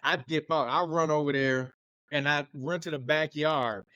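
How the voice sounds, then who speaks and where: Animated young man telling stories, dry sound. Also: on the high side, moderate pace, dry recording, highs cut off. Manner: animated, laughs while telling stories, acts out quoted voices. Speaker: podcast co-host. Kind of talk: casual storytelling.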